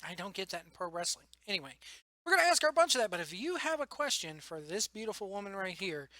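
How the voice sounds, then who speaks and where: A young man rambling excitedly about wrestling news in a casual vlog, tired late at night and laughing often. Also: high voice, no room sound. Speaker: wrestling vlogger. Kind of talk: casual solo commentary.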